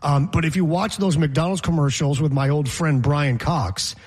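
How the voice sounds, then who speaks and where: A man's voice: on the high side, normal speed, a little mellow, slightly rough. A man hosting a casual sports talk show, joking and imitating how people pronounce words. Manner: wisecracking, mimics voices and pronunciations. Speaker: sports radio host.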